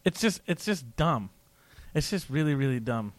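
A man in casual political chat, animated and ranting, often mocking other people's voices. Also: medium pitch, moderate pace, background noise.

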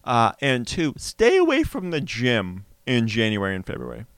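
A man's voice: mid-range voice, huge pitch swings, moderate pace, a bit bright, no echo. A man co-hosting a casual podcast chat with a dry, teasing manner and stammered repeats. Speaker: podcast co-host.

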